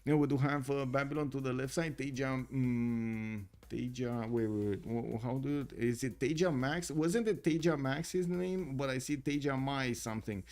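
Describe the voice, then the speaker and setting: A man casting a strategy game tournament on a live stream, excitable and chatty, talking to his chat. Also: mid-range voice, normal speed, hardly any pauses. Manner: excitable, chatty, many fillers and restarts. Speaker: tournament caster.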